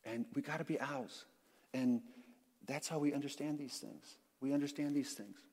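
A man preaching a sermon to his congregation, playful and animated, who acts out quotes and makes sound effects. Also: mid-range voice, normal speed, slightly rough. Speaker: pastor. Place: church sanctuary. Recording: long church reverb.

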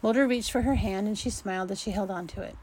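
A woman narrating a romance story in an unhurried amateur reading, going back to redo fumbled sentences. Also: mid-range voice, darkish tone, slight background noise, low-quality recording.

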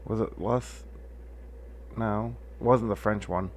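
Low-voiced man, laid-back podcast co-host. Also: steady tone, slow pace, a little hiss or hum. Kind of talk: casual chat.

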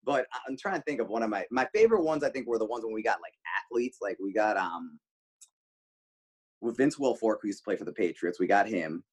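A male radio host, the guest, telling animated stories casually, swearing freely. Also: fairly quick, breathy edge. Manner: animated, swears freely, jumps pitch for quoted lines. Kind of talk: casual storytelling.

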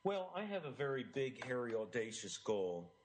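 A man's voice: medium pitch, normal speed, a little hiss or hum, poor audio. Earnest man talking eagerly in an interview. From United States. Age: middle-aged. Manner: earnest, animated, with repeated restarts. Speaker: author and interview guest. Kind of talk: enthusiastic interview talk.

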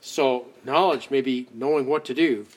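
A man preaching a conversational sermon, acting out quoted voices and dropping to soft asides. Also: medium pitch, moderate pace. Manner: conversational, dramatic swings between loud outbursts and soft asides.

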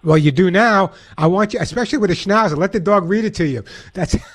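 Man, New York accent, radio host, animated, slightly higher voice. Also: fast talker. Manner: animated, acts out dog commands. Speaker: radio host and pet behaviorist. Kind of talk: call-in radio advice.

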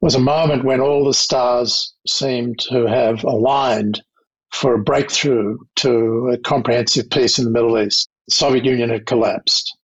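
An older man with an Australian accent, recounting his diplomatic career in a measured, anecdotal interview manner. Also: medium pitch, steady tone, husky, dull audio. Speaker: guest, diplomat. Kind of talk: reflective interview storytelling.

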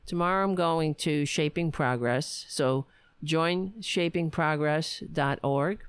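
A woman's voice: low-pitched, slow, clear, resonant tone, dry recording. A woman hosting a casual home livestream, chatting wryly with her viewers and thanking supporters. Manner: chatty, wry, talks to her pets in a soft coaxing voice. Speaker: livestream host. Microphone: home webcam mic.

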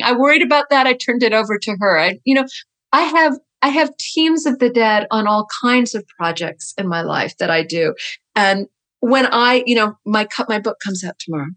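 A middle-aged woman, a writer and teacher, chatting as a guest in an interview, telling lively stories and laughing often. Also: mid-range voice, normal speed. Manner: animated storyteller, laughs often, loose and chatty. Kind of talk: conversational interview.

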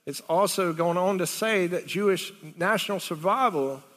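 Male preacher, high bright voice, chatty rambling sermon with rhetorical questions, reverb of a big hall. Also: normal speed.

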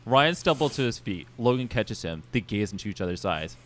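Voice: mid-range voice, lively intonation, fairly quick, a bit bright. A game master narrating a comedic tabletop game, laughing often between lines.

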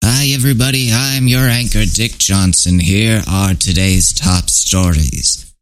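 Dude doing a cheesy stiff news anchor guy, lowish voice. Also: unhurried, close to an everyday voice. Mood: announcing.

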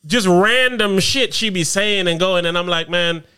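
A man in his thirties co-hosting a podcast, telling stories in casual chat and acting out other people's lines in his own high voices. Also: moderate pace, clear, resonant tone. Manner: animated storyteller, acts out quotes in high voices. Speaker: podcast co-host.

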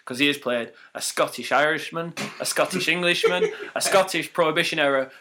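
A man's voice: on the high side, brisk, noisy background. A man hosting a comedy panel quiz, laughing often and praising answers. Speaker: quiz host.

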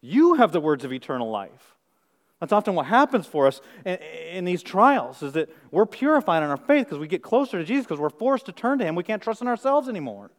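A middle-aged male pastor preaching a sermon, firing rhetorical questions and swinging from hushed, intimate moments to loud emphasis. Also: high voice, sing-song, fast, hardly any pauses, long reverb tail.

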